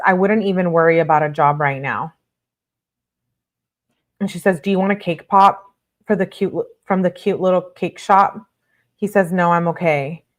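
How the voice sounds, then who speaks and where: A woman hosting a true-crime video, reading text messages aloud in a brisk way and breaking off for blunt asides of her own. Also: lowish voice.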